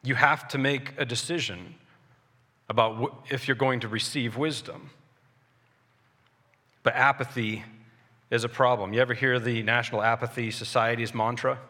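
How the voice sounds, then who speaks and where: Male pastor, mid-pitched, sermon delivery, earnest, reverberant sanctuary. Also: steady tone, sharp tone. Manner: earnest preaching with pauses and restarts. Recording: long reverb of a large hall.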